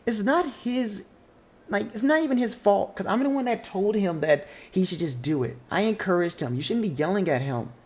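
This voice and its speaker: A woman's voice: mid-range voice, lively intonation, normal speed, a little mellow, pitched above the performer's own voice, close to an everyday voice. A game master voicing a defiant young girl who protectively stands up for her brother.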